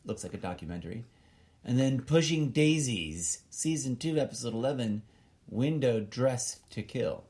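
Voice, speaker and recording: A man's voice: mid-range voice, expressive, moderate pace, darkish tone. A middle-aged man hosting a solo podcast, rambling along and wandering off on tangents as he talks to himself. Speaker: podcast host.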